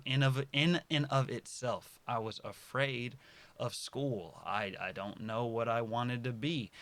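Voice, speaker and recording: A man in his early twenties talking casually to his viewers, rambling and correcting himself, dropping to soft mutters and then bursting out loud. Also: mid-range voice, no echo. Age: early 20s. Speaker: vlogger. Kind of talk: casual personal monologue to camera.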